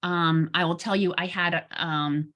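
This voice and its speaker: A woman therapist giving an informal talk to an online audience, chatty and animated, acting out bits of dialogue with self-deprecating humor. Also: on the low side, moderate pace. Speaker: therapist and guest speaker.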